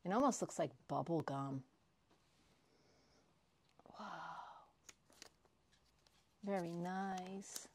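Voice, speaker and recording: A woman crafting vlogger unboxing prizes she won, gushing and excitable, often repeating herself. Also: lowish voice, drawn-out words, long pauses. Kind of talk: casual unboxing vlog.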